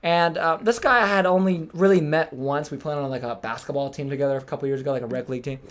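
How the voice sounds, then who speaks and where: A young man with a fairly high voice hosts a podcast, telling a story in casual chat at a fast, animated clip. He acts out quotes and swears freely, and there's a little hiss or hum in the recording.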